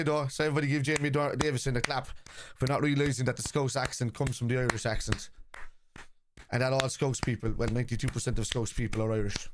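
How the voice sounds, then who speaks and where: A man's voice: medium pitch, brisk, noisy background. A man from Liverpool in casual live-stream chat, rambling and teasing commenters as he reads out messages during a football watchalong.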